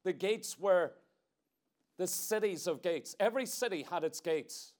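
A man preaching a sermon to a congregation, firing rhetorical questions and swinging between forceful emphasis and hushed intensity. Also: high voice, animated, a little slow. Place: church meeting room.

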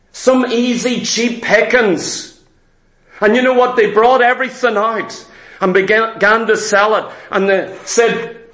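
A man, pitched very high, preaches a sermon in emphatic, repeating phrases. The sound rings around an echoey hall. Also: fairly bright tone. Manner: storytelling, repetitive, emphatic.

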